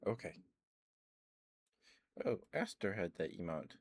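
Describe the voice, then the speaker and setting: Deep-voiced guy doing sleepy asmr chat at home, kinda losing his voice, just rambling soft. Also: slow pace, breathy edge, no echo. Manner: soft, relaxed, rambling talk. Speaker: ASMR streamer. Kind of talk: low-energy ASMR chat. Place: at home, indoors. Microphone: ASMR microphone with cover.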